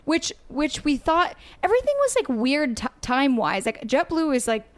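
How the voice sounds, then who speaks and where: A woman co-hosting a podcast in casual chat, chiming in with quick agreement and telling her own side of a story. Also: high-pitched, sing-song. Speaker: podcast co-host.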